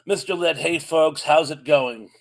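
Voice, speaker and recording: Chatty higher-voiced Southern man. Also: a little slow, creaky. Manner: reads out chat greetings, friendly and chatty. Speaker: co-host of live stream. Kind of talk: casual live-stream chat.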